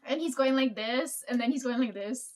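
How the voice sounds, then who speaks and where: A young woman vlogging a rambling, profane story about her coworkers, laughing often as she tells it. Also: sits high. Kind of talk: casual storytelling.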